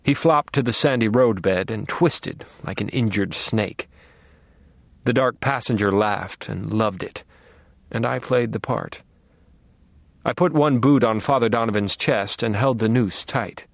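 A man narrating a first-person audiobook in a quiet, measured, menacing way. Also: mid-range voice, gravelly, dry recording.

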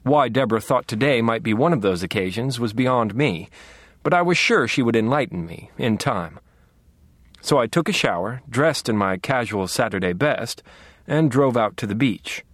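A man narrating a first-person audiobook in a dry, wry, deadpan manner, close to the mic in a studio. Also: medium pitch, dry recording.

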